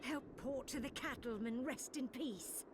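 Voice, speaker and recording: An actress playing a grim quest-giver in a gothic video game, solemnly ordering the player to avenge the dead. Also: female voice, high voice, measured pace, slightly rough, exaggerated voice. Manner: solemn, commanding requests. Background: game music.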